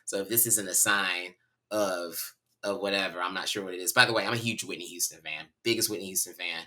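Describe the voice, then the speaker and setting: Low, bright-voiced storytelling man. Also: fairly quick. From North Carolina. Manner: animated, candid, talks to listeners as y'all. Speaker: podcast guest. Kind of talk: personal storytelling in a conversation.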